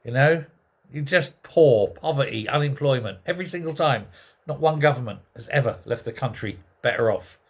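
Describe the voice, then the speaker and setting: A man delivering a sarcastic political rant, voice at a medium pitch. He talks in an exasperated way and keeps firing off rhetorical questions. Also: lively intonation, moderate pace, breathy edge. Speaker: political commentary host. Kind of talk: ranting monologue.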